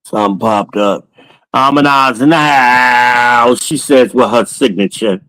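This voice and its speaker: A man's voice: mid-range voice, a little slow, pushed and bright, rough recording. A podcast host talks casually to viewers while walking through his home, boastful and joking, swearing freely.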